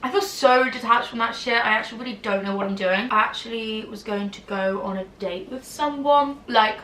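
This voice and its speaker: A woman's voice: mid-range voice, a bit bright, slight background noise. A young woman with a slightly whiny voice, chatting casually to camera and rambling with lots of "like" fillers. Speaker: YouTuber. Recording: roomy, distant from the mic.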